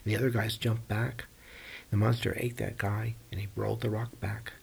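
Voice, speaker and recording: Male storyteller retelling a myth aloud, folksy and animated, low gravelly voice. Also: normal speed. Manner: animated, plain-spoken retelling with folksy phrasing.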